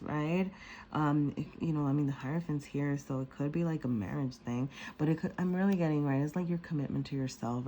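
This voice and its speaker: A woman giving a casual tarot reading, rambling and excitable, often apologizing and laughing. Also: low voice, slight background noise. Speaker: tarot reader.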